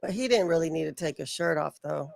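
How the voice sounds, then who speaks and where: Gravelly-voiced woman co-hosting a stream. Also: low-pitched, quick pace, darkish tone. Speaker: co-host of a wrestling watch-along. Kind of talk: casual live stream chat.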